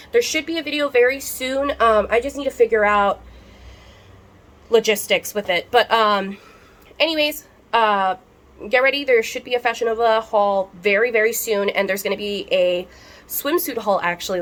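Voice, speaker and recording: Profane young woman ranting to camera. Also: mid-range voice. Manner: heated, profane, rambling with many fillers. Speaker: vlogger. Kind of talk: unscripted rant to camera.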